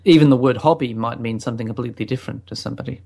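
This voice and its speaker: Male podcast co-host, gravelly voice, slow and thoughtful delivery. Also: medium pitch, warm tone. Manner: measured, thoughtful, drawn-out phrasing. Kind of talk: casual sex-education chat.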